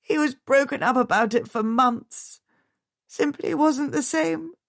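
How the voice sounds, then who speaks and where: A woman's voice: medium pitch, measured pace, creaky, no echo, clean studio sound, pitched above the performer's own voice. A woman voicing a distraught middle-aged widow, her voice pleading, teary and strained as it rises.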